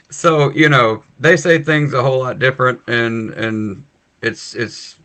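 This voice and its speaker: A man hosting a casual podcast, chatty and relaxed, laughing often. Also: mid-range voice, slow. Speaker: podcast host.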